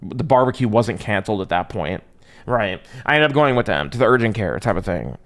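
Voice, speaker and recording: Animated young man streamer, rambling. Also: lowish voice, brisk. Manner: rambling, profane, slangy, lots of filler. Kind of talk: casual storytelling on a live stream.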